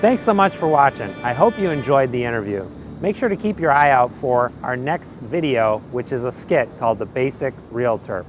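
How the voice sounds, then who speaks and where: A man's voice: medium pitch, expressive, normal speed, soft background music. A man hosting an interview show, upbeat and thanking his guest and viewers. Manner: upbeat, short affirmations. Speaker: interview host. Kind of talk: casual interview.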